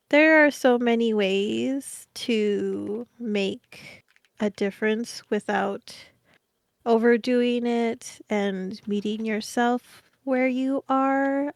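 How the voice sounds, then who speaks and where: A woman answering as a panelist on a live stream, soft-spoken and halting. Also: on the high side, no echo, clean studio sound.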